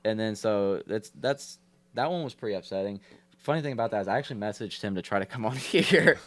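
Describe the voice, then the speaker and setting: A man, a podcast guest and rapper, telling stories quickly and repeating "literally" and "like.". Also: on the low side, lively intonation, fairly bright tone. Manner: quick, repetitive storytelling with "literally" and "like". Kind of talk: casual chat.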